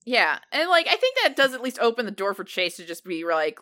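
A woman's voice: on the high side, big pitch swings, a little fast, few pauses, bright, forceful tone. A woman in casual podcast chat, talking in a rambling way with hesitant restarts.

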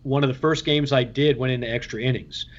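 A man's voice: mid-range voice, fairly quick. Man telling stories on a dull recording. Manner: lively, acts out quoted voices, frequent restarts. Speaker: baseball radio play-by-play broadcaster. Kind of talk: anecdotal storytelling in an interview.

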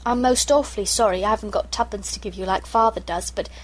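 A woman's voice: mid-range voice, fast, close to an everyday voice, rough recording. A woman voicing a polite, apologetic young boy in a storybook reading.

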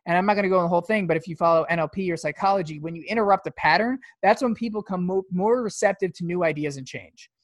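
A man's voice: high-pitched, quick pace, hardly any pauses, no echo, studio quality. A man co-hosting a podcast, telling stories in a loose, profane way with many fillers. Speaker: podcast co-host. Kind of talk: casual podcast chat.

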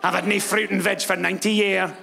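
A man voicing a stubborn, ancient Scottish grandmother with a Scottish accent, drawling slowly and defiantly. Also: high-pitched, little pitch movement, gravelly, pushed and bright, slight background noise, exaggerated voice. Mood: gloating.

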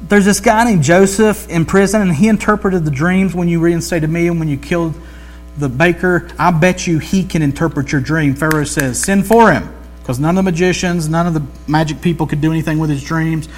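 A man's voice: a little high, fairly even intonation, fairly quick. A man preaching a sermon in a loose, conversational storytelling way, with jokey asides and slang.

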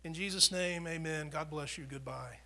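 A pastor preaching a conversational sermon, swinging from loud proclamation down to near whispers, often repeating and restarting words. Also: male voice, fairly high pitch, moderate pace. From United States.

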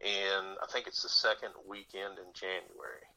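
Man, guest on a radio show, very bright tense tone, low voice, easygoing, laughs often, radio broadcast sound. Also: flat delivery, normal speed, rough recording. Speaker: guest musician. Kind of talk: radio interview chat.

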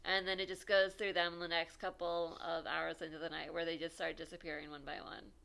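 A woman's voice: on the low side, flat delivery, brisk, creaky, bright, forceful tone. A woman co-hosting a podcast in casual chat, a chatty, rambling storyteller. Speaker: podcast co-host.

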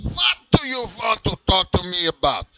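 A man voicing a strict, shouty German leather and whip seller with an eye patch, in a put-on German accent and a theatrical, menacing manner. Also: high-pitched, huge pitch swings, moderate pace, dull audio, voice pushed up, full character voice. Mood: barking, strict. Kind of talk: comedy sketch character.

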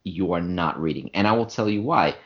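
A man's voice: sits low, fairly quick. A man co-hosting a podcast in casual chat, emphatic and opinionated. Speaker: podcast co-host. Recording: dull lo-fi sound.

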